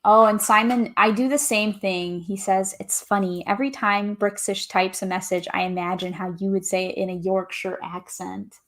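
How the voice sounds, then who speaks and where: A woman's voice: mid-range voice, fairly even intonation, moderate pace, few pauses, a bit bright. Cheery young woman, livestream host, chatty, reading out viewer comments. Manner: upbeat, reads viewer comments aloud. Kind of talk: casual livestream chat.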